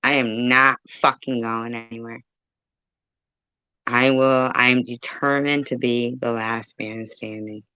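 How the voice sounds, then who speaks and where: A woman's voice: rumbling low, little pitch movement, takes it slowly, bright, forceful tone, clean tone, dry recording, lo-fi sound. A woman ranting profanely and confrontationally on a phone livestream, rambling and chatting with her viewers. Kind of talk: livestream rant.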